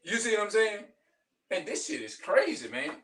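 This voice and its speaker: A man's voice: high voice, expressive, normal speed, gravelly, a bit bright, far from the mic. A middle-aged man venting in a heated, profane, rambling monologue, repeating himself as he goes. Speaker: vlogger.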